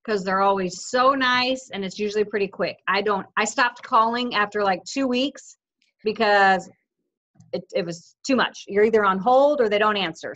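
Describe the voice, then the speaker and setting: A woman's voice: mid-range voice, a bit bright, highs cut off. A woman leading her team on a video call, coaching in a casual, upbeat and insistent way, acting out what others say. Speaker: team leader coaching affiliates.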